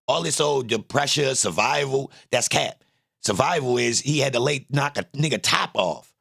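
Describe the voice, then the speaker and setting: Gravelly man giving heated commentary. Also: medium pitch, a bit bright, no echo, studio quality. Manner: profane, blunt and emphatic, repeats phrases. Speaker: commentator reacting to a clip.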